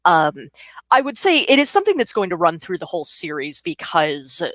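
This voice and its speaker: Bright-voiced woman, author in conversation. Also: lowish voice, wildly swooping pitch, a little fast, no echo. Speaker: author guest. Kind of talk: livestreamed bookshop conversation.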